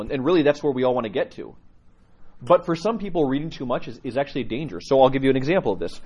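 A man who is a priest, answering questions in a catechism class and telling stories in an animated way. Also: rapid-fire, husky, lo-fi sound. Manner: animated storytelling with lively pitch, chuckling. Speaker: Orthodox priest.

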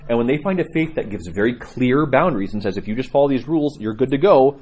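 Man, priest, lively teaching voice, husky, conversational storyteller. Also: mid-range voice, quick pace. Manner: conversational, animated storyteller with laughs. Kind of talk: teaching talk to a congregation.

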